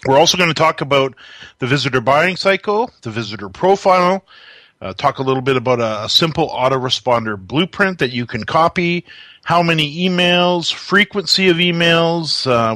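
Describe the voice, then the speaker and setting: A man's voice: medium pitch, bright, forceful tone, dry recording. A man hosting a radio show, upbeat and chatty with rambling asides. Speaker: host. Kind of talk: casual chat.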